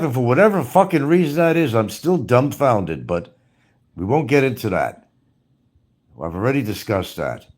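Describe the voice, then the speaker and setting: A man ranting angrily in commentary, swearing often and firing scolding rhetorical questions. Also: fairly high pitch. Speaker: commentary streamer.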